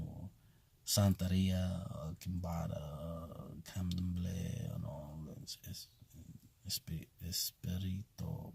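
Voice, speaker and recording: A man's voice: sits low, gravelly, darkish tone, breathy edge, no echo. A man who teaches at a voodoo temple, talking bluntly and casually with emphatic repetition. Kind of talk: casual spoken commentary.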